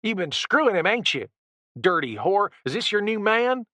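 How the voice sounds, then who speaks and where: A man voicing a vicious redneck thug who screams high-pitched abuse and taunts, reading an audiobook in a dry, close-miked recording. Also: sing-song, normal speed, bright, forceful tone, dry recording, full character voice. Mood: screaming. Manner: screeching, jeering, high-pitched.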